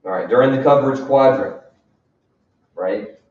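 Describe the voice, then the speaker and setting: A man's voice: mid-range voice, moderate pace. A man leading a sales training session in an emphatic coaching manner, often checking in with "right?". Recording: distant, echoey room, dull sound.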